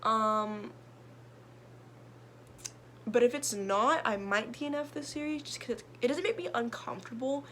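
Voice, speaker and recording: A woman's voice: a little high, unhurried, long pauses, fairly bright tone, slight background noise. A young woman, a book vlogger, chatting casually about her reading list in a rambling way full of fillers and restarts. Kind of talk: casual chat.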